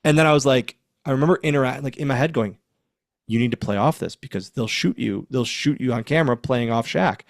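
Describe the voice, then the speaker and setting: A man's voice: mid-range voice, a little fast, dry recording, clean studio sound. A man in his forties, a former wrestler, telling backstage stories in a casual interview, acting out quotes and laughing often. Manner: animated storyteller, acts out quotes, laughs often.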